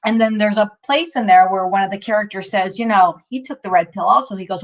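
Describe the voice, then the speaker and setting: A woman's voice: mid-range voice, fast talker. A woman leading a mindfulness session in a casual, upbeat, chatty way, with lots of fillers and restarts, at times out of breath. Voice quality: chatty, upbeat, self-interrupting with many fillers. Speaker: mindfulness instructor.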